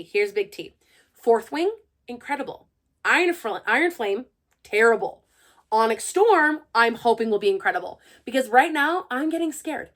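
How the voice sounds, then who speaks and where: A young woman who hosts a book channel, chatting casually and excitedly to her viewers. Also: on the high side. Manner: gushing and chatty, full of fillers. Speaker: book reviewer and channel host. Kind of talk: casual chat to camera.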